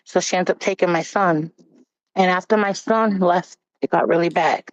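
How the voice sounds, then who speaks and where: A woman's voice: lowish voice, fairly even intonation, normal speed, no echo. A woman giving a candid, blunt personal testimony as a panel guest. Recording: dull, dry recording.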